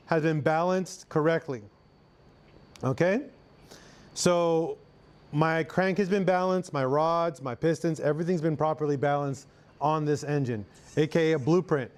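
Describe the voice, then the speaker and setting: A man's voice: on the high side, darkish tone. A young man from Arkansas with a Southern US accent, chatting casually as a mechanic on a live stream and answering viewers. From Arkansas, USA. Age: young adult. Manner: loose, chatty, answers chat, drawling "y'all".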